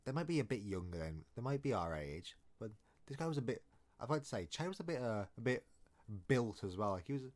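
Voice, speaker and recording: A man's voice: mid-range voice, big pitch swings, a little fast, darkish tone. A man telling a story in a casual, rambling, jokey way, often restarting his sentences. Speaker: storytime vlogger.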